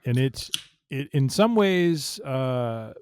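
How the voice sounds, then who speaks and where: A man's voice: medium pitch, lively intonation, slow pace, a little mellow, a little hiss or hum. A man co-hosting a podcast, chatting casually with wry, joking asides. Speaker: podcast co-host. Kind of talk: casual chat.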